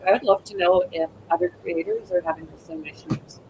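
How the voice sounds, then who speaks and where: A chatty woman hosting a live stream, her voice bouncing up and down with lively pitch. She talks casually to her viewers in an easygoing, conversational way. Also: a little fast, background noise.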